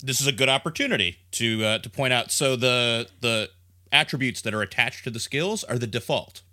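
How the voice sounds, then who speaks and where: A man's voice: medium pitch, brisk. A man running a tabletop game as game master, narrating casually with many fillers. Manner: relaxed, hesitant, lots of fillers.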